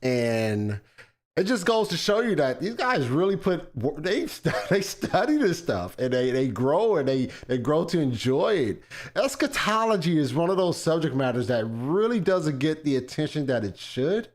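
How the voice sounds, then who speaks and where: A man hosting an online debate show, relaxed and casual, often tagging his sentences with "man". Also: a little high, normal speed.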